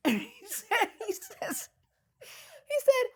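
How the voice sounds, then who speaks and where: An older woman from the United States, recounting memories in an interview with lively storytelling and frequent laughter. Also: very high-pitched, measured pace, long pauses. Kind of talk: oral history storytelling.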